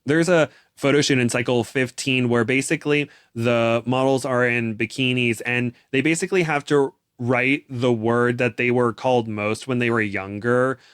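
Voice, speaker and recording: A young man co-hosts a casual chat, recapping a novel in an animated way with plenty of restarts. His voice sits in a middle pitch. The recording is dry and close. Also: clean tone, dry recording. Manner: animated, does excited voices for quotes, many restarts. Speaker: podcast co-host.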